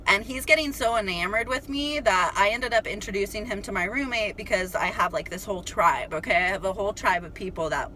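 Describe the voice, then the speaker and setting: A woman's voice: medium pitch, a little fast, few pauses, slight background noise, poor audio. A young woman telling a story to her viewers in a casual, chatty way, full of "like" and casual swearing. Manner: chatty, animated, heavy use of "like". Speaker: spiritual vlogger.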